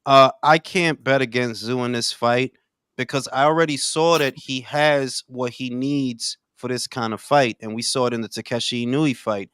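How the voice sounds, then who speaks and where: A man's voice: mid-range voice, steady tone, normal speed, fairly bright tone, clear, resonant tone, no room sound, studio quality. A man hosting a casual live boxing talk stream, joking and slangy, saying "bro" a lot. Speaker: host.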